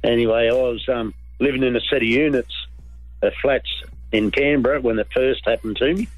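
A man's voice: medium pitch, fairly even intonation, fairly quick, dry recording, lo-fi sound, soft background music. Rambling male caller. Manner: casual, rambling storyteller. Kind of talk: phone-in storytelling.

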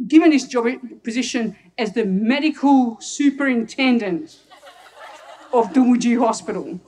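Woman, from Hungary, doctor, storytelling talk, laughs often, fairly high voice. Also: far from the mic. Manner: laughs often while telling anecdotes. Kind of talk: personal storytelling talk to an audience.

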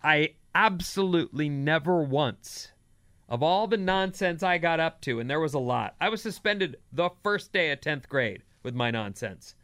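A man's voice: moderate pace, clear, resonant tone, no echo. A man hosting a radio show, telling stories in casual banter and jumping into other voices as he goes. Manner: animated storyteller, jumps in pitch for voices.

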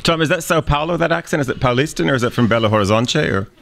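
A man's voice: a little high, animated, very fast, creaky, fairly bright tone. A man hosting a live panel show, quizzing guests with teasing questions and stumbling restarts. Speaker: host.

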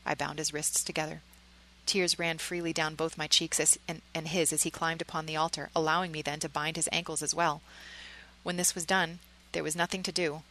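A woman narrates a story in the first person, earnest and emotionally engaged. Her voice is low-pitched yet bright and crisp. Small slips and restarts come through now and then. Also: rough recording.

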